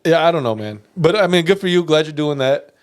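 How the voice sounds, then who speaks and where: A man's voice: on the high side, animated, fairly quick. A man co-hosting a podcast in casual chat, blunt and profane, laughing often. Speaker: podcast co-host.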